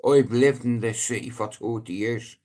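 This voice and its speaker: A middle-aged man with a Dublin accent rambling on a casual live stream, swearing freely and breaking into loud emphatic outbursts. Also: medium pitch, moderate pace. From Ireland.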